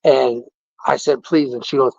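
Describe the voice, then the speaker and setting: A man casually telling an animated, indignant story about a care-facility visit, quoting the people involved. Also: mid-range voice, moderate pace, creaky. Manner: animated, indignant retelling with quoted dialogue. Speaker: podcast host. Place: patient room in a care facility. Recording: dull, dry lo-fi audio.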